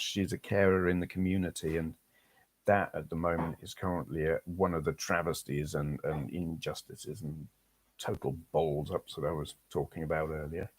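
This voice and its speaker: An English man with a very low voice talks loosely on a live stream. He rambles, answers viewer comments and drifts between topics in a relaxed, chatty way. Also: breathy edge. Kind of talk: casual live-stream chat.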